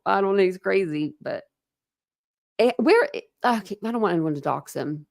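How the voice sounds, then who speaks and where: Woman livestream host, casual chat, rambling, gravelly edge. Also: mid-range voice, sing-song, normal speed, darkish tone. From Ohio, USA. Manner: chatty, rambling, frequent fillers.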